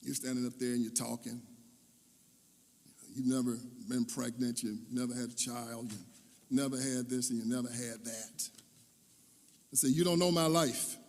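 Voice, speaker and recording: A man in his fifties, a guest speaker telling a personal story in an animated, dramatic way. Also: medium pitch, moderate pace, long pauses. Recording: echoey hall.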